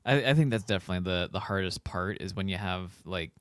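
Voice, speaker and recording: A man co-hosting a podcast, easygoing in casual chat, talking in quick bursts. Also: deep voice, clean tone, no echo, studio quality. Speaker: podcast co-host.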